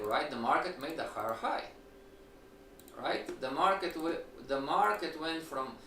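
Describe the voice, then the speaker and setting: A fairly high-voiced man teaches a trading class with lively rhetorical questions. He sounds set back from the mic in an echoey room. A faint hiss runs under his voice. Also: far from the mic. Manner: animated, rhetorical questions, acts out students' replies. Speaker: trading instructor. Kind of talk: live-streamed lecture.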